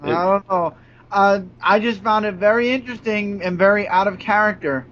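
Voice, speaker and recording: A young man from Brooklyn talks wrestling in a high, bright-edged voice, full of blunt opinions and teasing jabs. He rambles from point to point over a dull, lo-fi recording. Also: moderate pace. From Brooklyn, New York. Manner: opinionated, playful insults, rambling. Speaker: podcast co-host. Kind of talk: casual wrestling chat.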